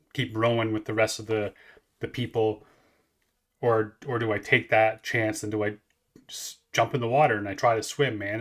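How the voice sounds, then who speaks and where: A man's voice: fairly low pitch, a bit bright. A man in his forties hosting a music reaction, rambling casually with lots of swearing and restarts. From Canada. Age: 40s. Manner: rambling, profane, many restarts.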